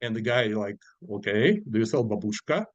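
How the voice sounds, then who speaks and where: A middle-aged man with a Russian-speaking accent, from Uzbekistan, talks as a podcast guest, animated and full of fillers as he acts out the people in his stories. His voice sits at an ordinary pitch for a man, and the recording is dry and close. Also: normal speed, no echo, muffled recording. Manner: animated storyteller acting out quoted voices, many fillers. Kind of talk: casual storytelling interview.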